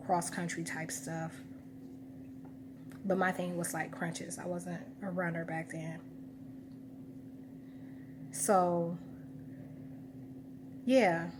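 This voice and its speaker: Against a noisy background, a lowish-voiced woman vlogger addresses her camera. Her monologue is rambling and personal as she muses, recalls memories, and corrects herself.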